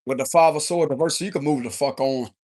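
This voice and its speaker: A man's voice: on the high side, fast, darkish tone. A man giving an unscripted tarot reading in a heated, confrontational and profane way. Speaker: tarot reader.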